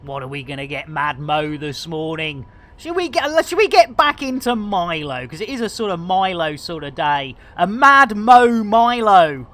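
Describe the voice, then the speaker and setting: A woman's voice: fairly low pitch, very animated, normal speed. A woman streaming a game live, joking and calling out greetings to viewers. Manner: jokey, theatrical, shouts greetings.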